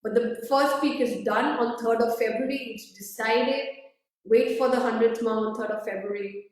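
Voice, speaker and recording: A woman's voice: a little high, fairly even intonation, normal speed. A woman hosting a live video interview, effusive and emotional, often repeating herself. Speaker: host. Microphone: video call. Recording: echoey room, far from the mic.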